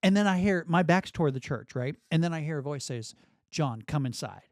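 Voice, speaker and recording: A middle-aged man tells a story with lots of energy and swings his pitch up and down as he acts out what people said. His voice sits a little high for a man. The recording is dry and close. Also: quick pace, no echo. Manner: animated storyteller, acts out quotes, laughs often. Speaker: guest. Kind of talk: storytelling in a podcast conversation.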